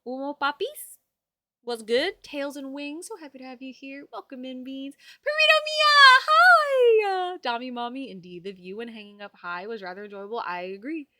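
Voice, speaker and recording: A woman's voice: a little high, a little fast, few pauses, no room sound. A young woman hosting a livestream, chatting casually and reading out viewer messages with hyped, bubbly energy. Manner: bubbly, hyped, reads chat aloud. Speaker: livestream host.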